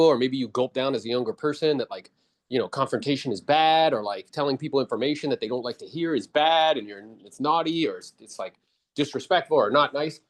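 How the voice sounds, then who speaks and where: A blunt male sales coach giving feedback at a quick clip. He talks casually and calls the listener bro. His voice sits at an ordinary middle pitch. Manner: briefly mimics others in exaggerated voices. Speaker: real estate sales coach. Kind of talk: coaching feedback after a role-play.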